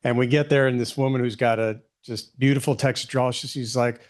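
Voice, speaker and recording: A middle-aged man giving a public history lecture, relaxed and conversational with many ums and rhetorical questions. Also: medium pitch, a little fast.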